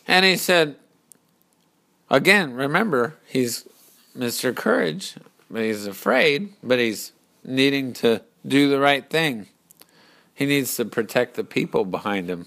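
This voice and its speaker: Man telling a story real slow, bright voice, stops to explain stuff. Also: medium pitch, lively intonation. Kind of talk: storytelling narration.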